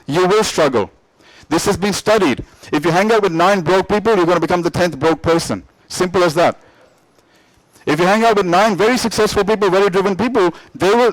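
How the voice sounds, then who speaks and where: A middle-aged man with a high-pitched voice gives a motivational talk, driving his points home through repetition and questions to the room. The sound is close and dry, with almost no room reflection. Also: dry recording, low-quality recording. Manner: emphatic, repetitive, asks the audience questions. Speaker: motivational speaker.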